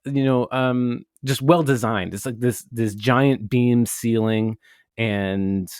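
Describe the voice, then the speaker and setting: A man's voice: mid-range voice, steady tone, takes it slowly, darkish tone, clear, resonant tone, dry recording. Rambling male podcast host, dry sound. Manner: rambling, casual storytelling with swearing. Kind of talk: casual chat.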